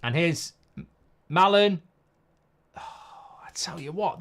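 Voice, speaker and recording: A blunt, animated man hosts a live football watchalong, with a voice sitting a little high for a man. He talks in loose, rambling sentences, reacts out loud to the match and reads out viewer comments. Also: slow pace.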